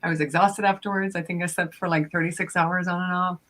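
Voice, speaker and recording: A woman's voice: on the low side, fairly even intonation, fast, a bit bright. A woman who works at a university, chatting in an upbeat, talkative way on an online show. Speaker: university staff member. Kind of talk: casual chat.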